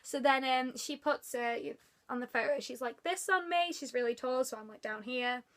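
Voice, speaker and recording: A woman vlogger telling a story casually to the camera, excitable and gushing, filling her talk with "like". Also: high-pitched, moderate pace.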